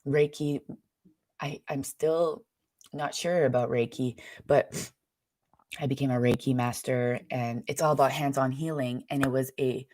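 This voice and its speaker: A woman's voice: a bass voice, steady tone, measured pace, a little mellow, no room sound, studio quality. A young woman, host of her own show, giving a candid and emotional personal testimony, rambling along with many fillers.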